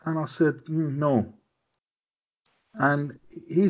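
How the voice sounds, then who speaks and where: A man's voice: medium pitch, measured pace, a little mellow, breathy edge, muffled recording. A man from Iran with an Iranian accent, talking as a regular guest in casual chat, in broken English with frequent "yeah?" tag questions.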